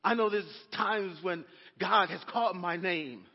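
A pastor preaches to his congregation in a church sanctuary, calling out to them with call-and-response asides. His voice is high, measured and a bit breathy, captured in a dull, echoey church recording.

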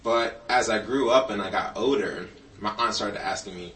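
A man's voice: lowish voice, moderate pace, a bit bright, recorded from a distance. Playful man giving a children's sermon. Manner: playful storytelling with a puppet; jokey asides. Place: church sanctuary. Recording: roomy, from off-mic.

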